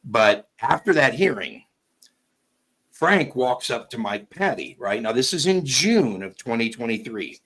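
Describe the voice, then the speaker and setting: A man's voice: mid-range voice, sing-song, unhurried, a bit bright. A man talking casually as a guest, blunt and emphatic, peppering his talk with "you know". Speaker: guest commentator. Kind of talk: casual chat.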